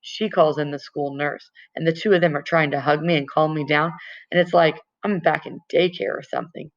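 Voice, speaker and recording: A woman's voice: low voice, fairly even intonation, moderate pace. Woman reading a novel, lo-fi. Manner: plain first-person storytelling with small stumbles. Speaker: audiobook reader. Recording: dull lo-fi recording.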